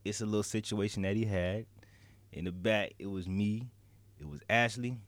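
A man's voice: lowish voice, steady tone, normal speed, no room sound. A man co-hosting a podcast in casual, slangy chat, laughing often and talking straight to the chat. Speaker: podcast co-host.

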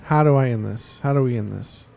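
A man's voice: medium pitch, fairly quick, gravelly, a little mellow. A man playing a tabletop game, cracking jokes in and out of character. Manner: wisecracking, playful in character. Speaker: player. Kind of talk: casual tabletop game play.

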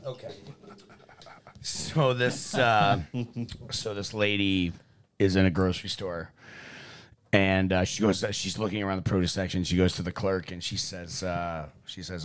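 A man hosting a casual podcast, telling jokes and stories in an animated way and swearing freely. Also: low voice, unhurried, long pauses, clear, resonant tone. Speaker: podcast host.

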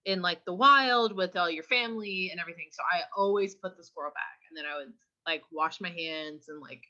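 Young woman on a podcast telling a story, acts out the quotes, bright voice, kinda dull lo-fi audio. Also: lowish voice, a little fast. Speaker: podcast co-host. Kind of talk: casual podcast chat. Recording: dull lo-fi sound.

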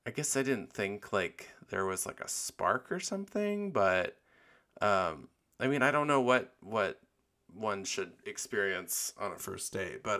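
Young guy podcast host, gravelly low voice, chatty and candid, lots of ums. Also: pushed and bright. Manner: candid and chatty, many fillers and giggles. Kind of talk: casual solo podcast chat.

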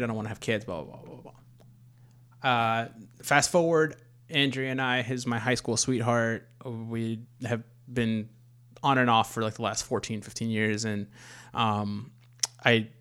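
A man's voice: medium pitch, a bit bright, clear, resonant tone. Candid thirty-year-old man telling a story. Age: 30s. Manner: rambling, candid storyteller with frequent swearing. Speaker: podcast host, expecting first child. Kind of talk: casual storytelling chat.

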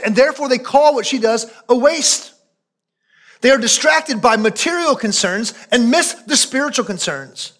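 A man preaching a sermon as pastor, emphatic and repetitive, sometimes dropping to a low, quiet voice for solemn points. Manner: emphatic preaching, repeating phrases for weight.

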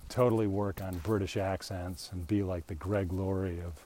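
Deep and mellow, this middle-aged vlogger's voice keeps a level tone at normal speed as he walks outside talking into a handheld mic. His casual rant is opinionated and meandering, broken up by frequent laughs.

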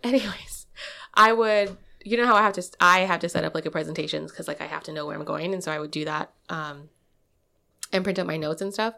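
Smooth-voiced woman chatting casually. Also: on the low side, a little fast, pushed and bright. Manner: rambling, laughs often, restarts sentences. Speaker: podcast co-host. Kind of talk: casual chat.

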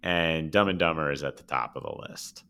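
A man with a very low, smooth and resonant voice co-hosts a casual podcast. He talks with eager, jokey enthusiasm and sometimes restarts his sentences when he gets excited. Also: normal speed. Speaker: podcast co-host. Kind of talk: casual chat.

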